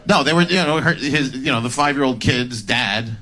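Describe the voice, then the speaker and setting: A man doing stand-up comedy in an animated way, acting out characters. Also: mid-range voice, normal speed. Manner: animated, acts out characters in put-on voices. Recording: live room with audience crowd and noise. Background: audience laughter.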